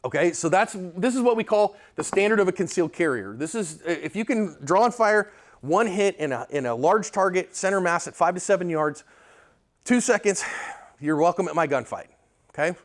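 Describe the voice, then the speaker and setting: A man's voice: sits high, animated, normal speed. A man teaching a live pistol class, blunt and emphatic, often checking in with his students as he lectures. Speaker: firearms instructor.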